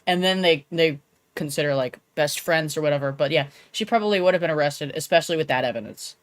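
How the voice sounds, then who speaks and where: A woman's voice: low-pitched, fast talker, dry recording. Rambling young woman streamer. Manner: rambling, trails off with "like". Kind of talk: casual let's-play commentary.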